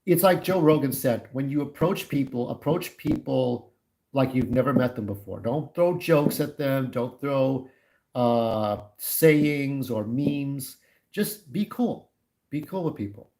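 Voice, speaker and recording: A man's voice: mid-range voice, darkish tone, low-quality recording. A man in his forties chatting casually on a livestream, candid and opinionated, talking straight to his viewers. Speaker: YouTube livestreamer.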